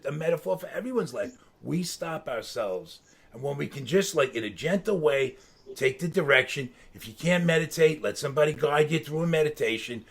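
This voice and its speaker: A middle-aged man with a gravelly, husky voice telling casual stories as a guest. He talks in an animated, loose way, laughs mid-sentence, and swears freely. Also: fairly high pitch. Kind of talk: casual storytelling.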